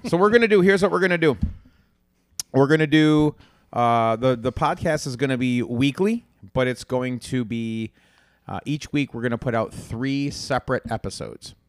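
A man's voice: medium pitch, moderate pace, no echo, studio quality. A man co-hosting a casual podcast, teasing his partner and laughing often. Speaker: podcast co-host. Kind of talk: casual banter.

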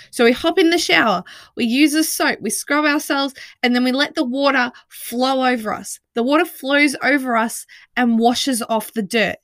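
Bright-voiced woman podcaster, chatty and reassuring. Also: high voice, no echo. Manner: chatty and reassuring, many "like" fillers, laughs often. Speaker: podcast host. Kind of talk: casual supportive self-help talk.

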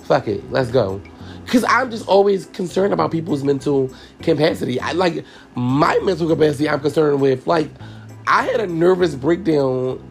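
Candid male podcast host with a raspy, fry-heavy voice, talking casually and profanely to his listeners. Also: medium pitch. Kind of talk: casual personal storytelling.

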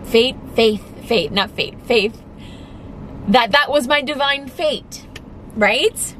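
A woman's voice: high-pitched, takes it slowly, a bit bright, slight background noise. A young woman talking candidly and emphatically in a casual vlog, swearing casually as she goes. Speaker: vlogger.

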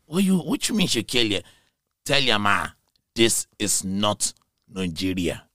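A man voicing a brash, reckless teenage Irish boy who shouts in disbelief. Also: on the low side, very animated, measured pace, no echo, studio quality, full character voice. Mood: incredulous. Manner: shouting, incredulous.

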